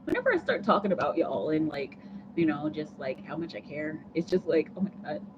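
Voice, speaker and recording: A woman's voice: low voice, lively intonation, a little fast. A woman hosting a casual livestream, chatting with viewers, laughing often and rambling with restarts. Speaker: tarot reader livestream host. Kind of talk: casual livestream chat reading comments. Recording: muffled lo-fi audio with clear background noise.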